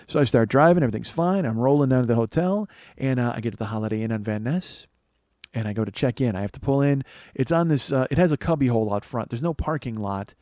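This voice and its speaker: A man's voice: medium pitch, fast, a little mellow, no echo. A man in his forties, a comedian hosting his own show, telling a rambling, profane, self-mocking story. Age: 40s. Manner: rambling, profane, self-mocking, with lots of fillers and acted-out quotes. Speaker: comedian host. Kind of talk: comic storytelling monologue.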